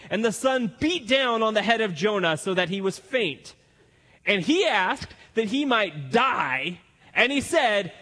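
A male pastor giving an animated sermon and acting out the lines of the story's characters. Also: high-pitched, big-room sound.

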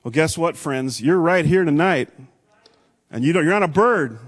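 A man's voice: a little high, animated, moderate pace. Dynamic Texan preacher man. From Texas. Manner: dynamic preaching, swinging from loud to hushed. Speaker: pastor. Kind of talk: sermon.

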